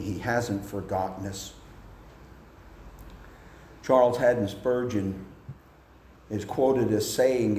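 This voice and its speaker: Male preacher, unhurried sermon delivery that swells at the peaks, echoey room. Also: darkish tone. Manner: slow, deliberate preaching that rises in pitch and force at climaxes.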